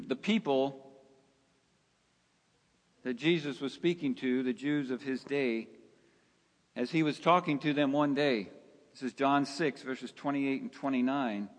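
A male pastor preaching a sermon, slow and emphatic, asking his listeners rhetorical questions. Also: medium pitch. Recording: long hall reverb.

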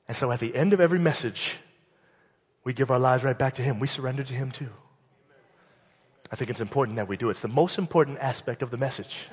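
A male pastor preaching a sermon and telling a fable, animated and building to loud, fervent peaks in a church hall. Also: mid-range voice, husky. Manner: animated, building to shouted climaxes. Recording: long hall reverb.

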